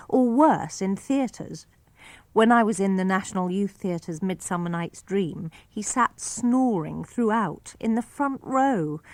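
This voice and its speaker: A woman with a British accent reading memoir and diary entries aloud for radio, clear and wry. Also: mid-range voice, no echo. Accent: British English.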